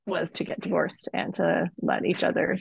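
A woman in her forties talks as a podcast guest, reflective and earnest, her words loosely strung with "like." Her voice is deeply gravelly with vocal fry and a husky edge. The sound is dry and a little muffled. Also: level tone, moderate pace, no room sound. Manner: reflective, earnest, many "like" fillers. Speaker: guest, midlife coach. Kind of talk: conversational interview.

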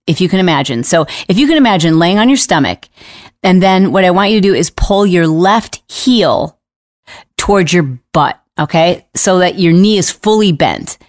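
A middle-aged woman hosting a podcast, telling a story in a casual, animated way and laughing now and then. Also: fairly low pitch, dry recording, studio quality. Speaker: podcast host.

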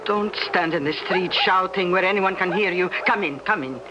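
A woman's voice: fairly low pitch, normal speed, dull audio, background noise, close to an everyday voice. An actress playing a greedy old female medium who haggles over money and pretends to be hard of hearing, in a 1970s radio drama. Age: older. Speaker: fortune-telling medium.

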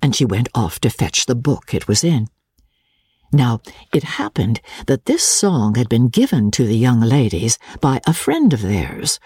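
A woman narrator reading a classic novel aloud in an expressive, theatrical way. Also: extremely low pitch, a little slow, slightly rough, no room sound, studio quality. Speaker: audiobook narrator.

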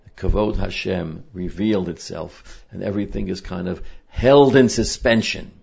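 A man's voice: sits low, moderate pace, gravelly, a little mellow, slightly rough. A man teaching a Torah portion lesson in an earnest, emphatic way, reading Hebrew verses and translating them. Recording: dull lo-fi recording.

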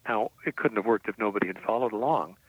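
Over a tinny, dry, phone-like line without echo, an older writer talks fast in a fairly low, slightly rough voice. As an interview guest, he recounts his past self-assuredly, often using fillers and restarting sentences.

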